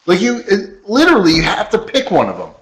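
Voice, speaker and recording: An emphatic man co-hosting a political podcast, his voice swinging widely in pitch as he acts out what imagined people would say. He sits a little higher than most men. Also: wildly swooping pitch, a little fast. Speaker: podcast co-host. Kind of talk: casual political chat.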